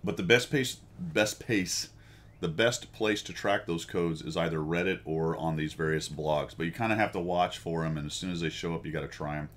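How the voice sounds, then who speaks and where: Low-voiced rambling American man. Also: steady tone, moderate pace, fairly bright tone. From United States. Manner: rambling, self-deprecating, laughs often. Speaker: host. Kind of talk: casual chat with viewers.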